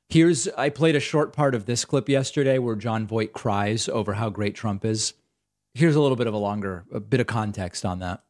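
Guy hosting a political show, sarcastic and fed up, mid pitch. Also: darkish tone. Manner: sarcastic, incredulous. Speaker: political talk show host. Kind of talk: opinionated political commentary.

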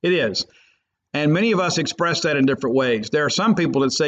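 A man's voice: on the high side, expressive, fairly quick, fairly bright tone. A man hosting a sports podcast, talking in an emphatic, rambling way. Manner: emphatic, rambling, fan loyalist. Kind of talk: opinionated sports talk. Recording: muffled lo-fi podcast audio.

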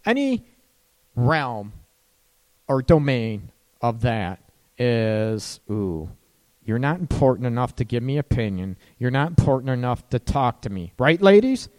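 This man talks relationships with his audience in a loose, chatty way, repeatedly asking "right?" and chuckling at what he says. His medium-pitched voice is very animated yet unhurried, with a slightly mellow quality.

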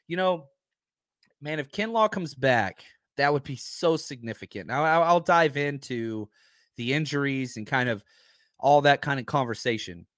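A man in his thirties hosting a casual live stream from home, animated and repeating himself as he reads out chat comments. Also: mid-range voice, normal speed, dry recording, studio quality.

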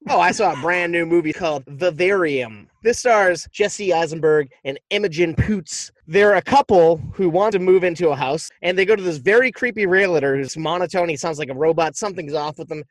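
A man with a slightly higher voice for his sex, retelling a movie plot in a loose, profane, animated way. The sound is dry and close, with no room around it. He talks like a podcast co-host chatting with friends. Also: fairly quick, hardly any pauses, dry recording.

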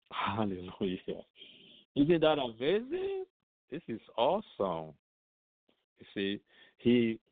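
A man's voice: medium pitch, no room sound. A man teaching the Bible on a radio programme, asking rhetorical questions and answering them himself, often repeating words as he goes. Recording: narrow phone-line radio sound.

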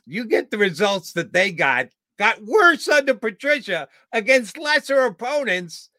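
A man co-hosting a sports talk show, sounding indignant and argumentative. His voice is bright and edged. The sound is dry, with no room echo. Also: high-pitched, very animated, unhurried. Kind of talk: heated sports talk commentary.

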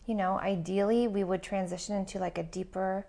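A woman co-hosting a counseling podcast, speaking earnestly and reflectively in easy conversation. Her voice sits at a middle pitch and drops into a gravelly vocal fry. She leans on little fillers as she thinks aloud. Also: steady tone, brisk, warm tone. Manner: earnest and reflective, with many "like" and "you know" fillers. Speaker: relationship counselor and podcast co-host. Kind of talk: casual chat.

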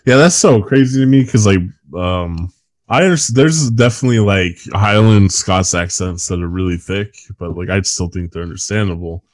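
A man with a low voice co-hosts a podcast at normal speed, with no room sound. Chatting casually about a film, he rambles, swears often, and laughs at his own points.

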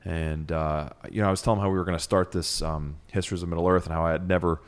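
A man from Ohio hosting a podcast, chatting in a relaxed, enthusiastic way with lots of fillers. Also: deep voice, fast talker. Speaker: podcast host. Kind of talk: casual podcast chat.

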